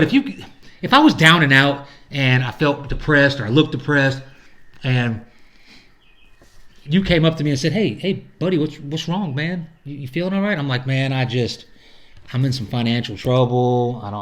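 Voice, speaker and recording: A man's voice: medium pitch, a bit bright. A middle-aged man ranting casually to camera, rambling and profane, acting out the people he quotes. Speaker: vlogger. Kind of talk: casual rant.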